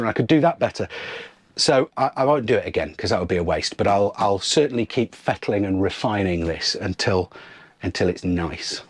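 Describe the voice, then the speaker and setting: A man's voice: mid-range voice, no room sound. A man hosting a sailing vlog in casual talk, chatty and often repeating his words, inside a boat's saloon. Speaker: sailing channel host.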